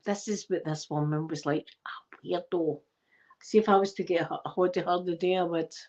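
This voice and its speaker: A woman's voice: fairly low pitch, normal speed. Brief: Scottish woman, emphatic storyteller chatting to viewers, dull lo-fi mic. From Scotland. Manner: animated, emphatic, repeats herself. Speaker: channel host. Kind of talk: casual storytelling to a live chat.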